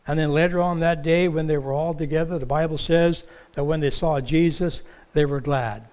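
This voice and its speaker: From a church stage, a pastor gives a lively, story-filled sermon in a clear, resonant voice set slightly high for a man, moving at a moderate pace. He performs the voices in his quotes, recorded through a stage microphone with monitor amid a large hall's long reverb.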